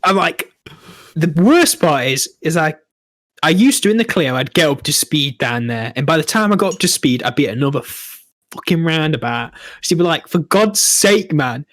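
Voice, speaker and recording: Young Derby-accented man, slightly high voice, laughy exasperated storyteller, dry mic. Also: lively intonation, normal speed, fairly bright tone, no room sound. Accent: Derby and Nottingham. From Derby, English Midlands. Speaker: podcast co-host. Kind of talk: casual chat.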